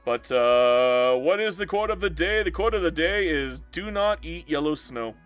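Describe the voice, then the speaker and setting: Playful man streaming a game, lively pitch. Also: moderate pace, soft background music. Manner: playful, teasing banter with chat. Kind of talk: live-stream commentary reading chat.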